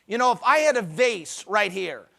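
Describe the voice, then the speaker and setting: High, bright-voiced male seminar speaker. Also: very animated, normal speed, vocal fry. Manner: emphatic, preachy, joking. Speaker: marriage conference speaker. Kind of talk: humorous live seminar talk.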